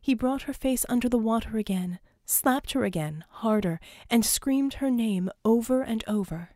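A woman narrating an audiobook in a dramatic, tense reading that rises to shouts and drops to sobs for the characters. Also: on the high side, expressive, normal speed, dry recording, clean studio sound. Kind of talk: scripted narration.

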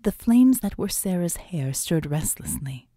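A woman narrating an audiobook in a measured storytelling manner that often drops to a hush. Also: on the low side, sing-song, no room sound, studio quality. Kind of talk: scripted narration.

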